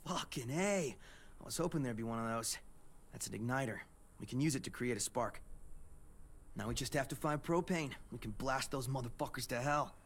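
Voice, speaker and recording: A man's voice: mid-range voice, normal speed, slight background noise, natural voice. An actor playing a cocky, foul-mouthed young man who loves explosives, in a game. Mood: eager.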